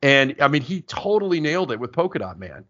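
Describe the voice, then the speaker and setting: Middle-aged man hosting a casual film chat. His voice is bright and forceful, and he talks at length with lively, storytelling energy. The recording has a dull, lo-fi sound. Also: on the high side, a little fast. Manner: talkative, animated storyteller. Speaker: podcast host. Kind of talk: casual movie discussion.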